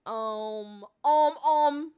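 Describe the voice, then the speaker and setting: A young woman VTuber chats casually with her livestream viewers, extremely slowly, in a voice that's on the high side. Her tone is mellow, clear, and resonant, and she comes across bubbly and giggly with lots of filler words.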